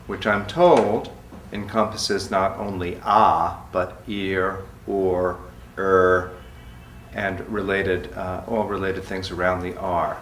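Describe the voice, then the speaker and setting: A man with a low voice explains his poetry slowly and carefully. He sounds distant from the mic, in a room with plenty of echo. Faint background noise hangs under his words. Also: steady tone, a bit bright. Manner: slow, measured explaining, then chanted word lists. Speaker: poet. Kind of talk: talk and poetry reading.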